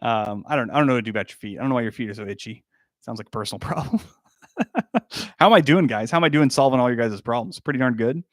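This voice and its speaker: A man's voice: mid-range voice, quick pace, no echo, clean studio sound. A young man hosting a casual livestream, reading chat comments and laughing often. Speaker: livestream host answering chat.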